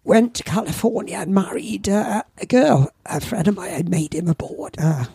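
An older man from Wales, a surf shop owner and former surfing champion, tells rambling anecdotes with lively asides in a casual interview. His voice is high-pitched yet gravelly and raspy, at normal speed, with no echo.

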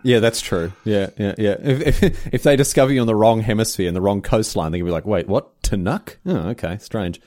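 A man's voice: on the low side, fast, hardly any pauses, no room sound, studio quality. An Australian man co-hosting a podcast, chatting casually in a slangy, rambling way and often breaking off mid-phrase. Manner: animated, slangy, rambling with self-interruptions. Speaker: podcast co-host. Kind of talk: casual chat.

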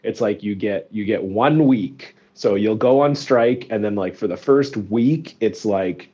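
A man's voice: on the low side, measured pace, warm tone, slightly rough, highs cut off. A man guest on a podcast, telling a story in a rambling, sarcastic way with many restarts. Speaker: comedian and teacher, podcast guest. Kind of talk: casual podcast chat.

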